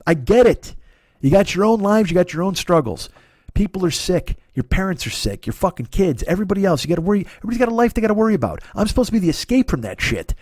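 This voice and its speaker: A man's voice: high voice, big pitch swings, fast talker, darkish tone, dry recording. Man, forties, solo comedy podcast, profane, rambling, self-deprecating, dry close sound. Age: 40s. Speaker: podcast host.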